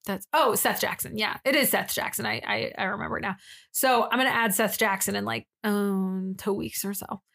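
A woman's voice: medium pitch, steady tone, moderate pace, vocal fry, a bit bright. A young woman co-hosting a podcast, telling a funny story in casual chat, acting out quotes and swearing now and then. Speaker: podcast co-host.

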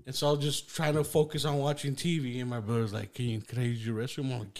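A man guest telling a wild personal story in a podcast studio, swearing freely and talking in a loose, animated way. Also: mid-range voice, fast talker. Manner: profane, animated anecdote with lots of "like". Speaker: guest musician. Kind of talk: casual storytelling.

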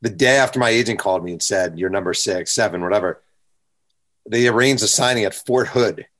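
A man's voice: fairly low pitch, brisk, fairly bright tone. A man hosting a podcast interview, talking casually with short questions and his own stories. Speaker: podcast host.

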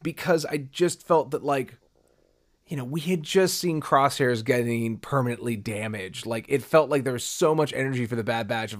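A man's voice: medium pitch, normal speed. A man co-hosting a podcast, talking casually and rambling, acting out quoted reactions as he goes. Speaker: podcast co-host. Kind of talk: casual chat.

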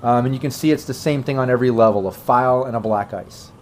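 A man's voice: medium pitch, fast talker. A man running a tabletop role-playing game as game master, narrating casually with lots of fillers. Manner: casual, many fillers, breaks into gruff shouting voices for NPCs.

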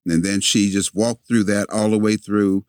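A man guesting in a conversation, telling a story in an animated way, repeating words as he goes and acting out the lines of the people in it. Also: fairly low pitch, moderate pace, clean tone, dry recording, clean studio sound. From a city, with family in the American South.

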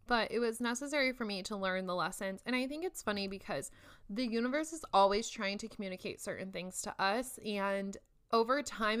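A young woman in her twenties chats to her viewers in a relaxed, reflective vlog. Her voice is smooth and clear, sitting at an ordinary middle pitch. She leans on "like" as a filler as she talks things through. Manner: chatty, reflective, frequent "like" fillers. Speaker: vlogger. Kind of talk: casual personal talk to camera.

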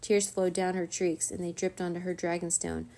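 A woman reading a children's chapter book aloud in a steady, even narrating voice. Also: on the low side, moderate pace. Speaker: storyteller.

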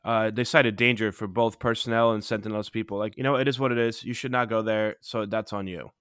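A man's voice: on the low side, fairly even intonation, brisk, fairly bright tone, clear, resonant tone, no echo, studio quality. A man co-hosting a casual chat, chiming in with facts and asides. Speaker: podcast co-host.

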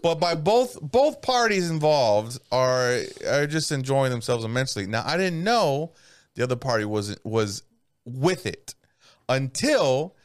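A man's voice: mid-range voice, measured pace, no room sound, clean studio sound. A man in casual chat with friends, telling crude stories with lots of swearing and laughter. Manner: crude, profane, laughing storyteller; lively, animated delivery.

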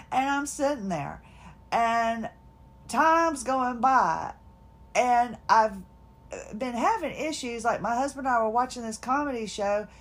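A fatigued woman telling a personal story on her podcast, her voice sitting a little high. She talks casually, laughs often and quotes people in their own voices. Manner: chatty, laughing, animated retelling with quoted voices. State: fatigued, hard time talking. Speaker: podcast host.

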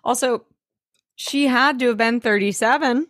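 A woman's voice: fairly high pitch, moderate pace, a bit bright, no room sound, clean studio sound. A woman co-hosting a podcast in casual recap chat, who swears freely and laughs easily. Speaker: podcast co-host.

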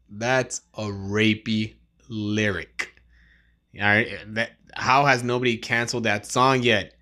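A man's voice: mid-range voice, fairly even intonation, unhurried, pushed and bright. A man in his thirties hosting a podcast in casual chat, rambling, slangy and profane. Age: 30s. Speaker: podcast host.

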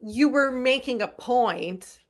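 A woman's voice: fairly high pitch, slow. A woman co-hosting a podcast in casual chat, speaking in an earnest, thoughtful way. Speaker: podcast co-host.

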